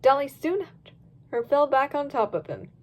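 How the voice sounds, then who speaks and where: A woman narrating a fan-written story with a storybook lilt. Her voice is high and swings expressively from line to line. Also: moderate pace. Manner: lively storybook reading. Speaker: reader.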